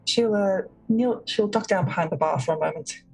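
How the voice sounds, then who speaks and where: A woman with an Australian accent, playing a tabletop game and describing her character's actions in a low-key way. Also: moderate pace, gravelly, darkish tone, husky, soft background music, rough recording. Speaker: player.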